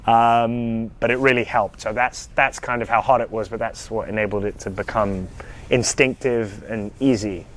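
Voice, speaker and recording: Animated young British man chatting. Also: lowish voice, moderate pace, slight background noise. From United Kingdom. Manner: animated storytelling, self-amused, with frequent ums and restarts. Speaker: actor answering fan questions. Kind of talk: casual live Q&A chat.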